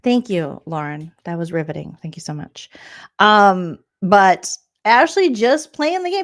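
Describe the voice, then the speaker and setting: A woman comedian talks through a reality-show recap in a sassy, rambling way. She keeps dropping into quick impressions. Her voice sits at an ordinary middle pitch. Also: animated. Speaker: comedian and vlog host.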